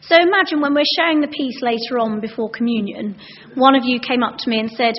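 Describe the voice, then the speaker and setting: A woman's voice: on the high side, brisk, highs cut off. A young woman giving a chatty, anecdotal sermon as a preacher, acting out the voices she quotes.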